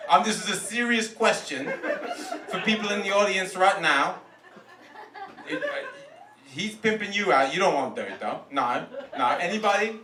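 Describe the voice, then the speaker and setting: A man's voice: high-pitched, lightly acted. A man playing William Shakespeare as a swaggering London roadman with put-on street slang, performing a roast on a comedy club stage. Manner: loud, swaggering, rambling asides. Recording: echoey club from a distance, noisy.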